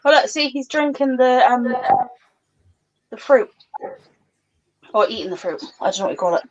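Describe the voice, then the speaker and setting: A woman chatting casually while showing her reptiles, often cooing softly to a lizard. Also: on the high side, animated, normal speed. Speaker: reptile keeper streaming her pets. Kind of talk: casual chat. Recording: dull lo-fi stream audio with faint noise.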